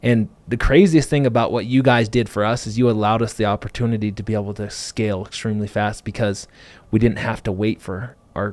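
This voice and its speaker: A man's voice: medium pitch, dry recording. A man hosting a podcast, telling his business story in a loose, rambling way full of fillers. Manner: fast, animated, full of fillers like "like" and "you know". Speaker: podcast host and business owner. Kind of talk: casual conversational storytelling.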